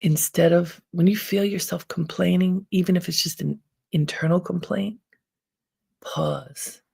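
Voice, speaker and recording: A woman hosting an inspirational self-help talk, giving calm, unhurried advice with frequent pauses. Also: fairly low pitch, creaky, breathy edge. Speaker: host.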